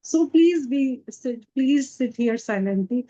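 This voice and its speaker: A woman voicing Krishna, a calm and firm male god, in a gentle, patient storytelling tone. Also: high voice, takes it slowly, heavily acted. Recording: dull lo-fi recording.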